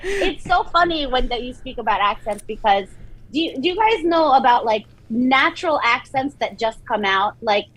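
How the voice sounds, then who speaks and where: A woman's voice: high-pitched, expressive, normal speed, fairly bright tone, poor audio. A woman with a New Jersey accent, chatting as a podcast guest in a laid-back way with frequent fillers. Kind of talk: casual podcast conversation.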